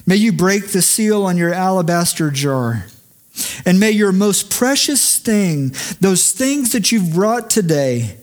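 Guy preaching a sermon, kinda high voice, slow and reflective, repeats lines for emphasis. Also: darkish tone. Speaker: pastor. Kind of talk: sermon with closing prayer.

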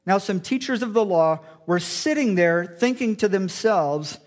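A man pastor preaching an earnest sermon, acting out quoted thoughts in a low muttering tone. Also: expressive, measured pace, hardly any pauses.

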